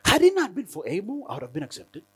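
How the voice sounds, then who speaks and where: Jealous bitter young man, voiced by a preacher in a sermon, resentful muttering, high male voice. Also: huge pitch swings, fast talker, bright, forceful tone, husky, heavily acted.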